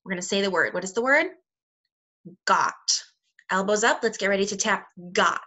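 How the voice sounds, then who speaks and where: A woman teaching young children a phonics lesson, speaking slowly and clearly with encouraging praise. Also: medium pitch, bright, forceful tone. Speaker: second grade teacher. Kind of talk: recorded remote phonics lesson.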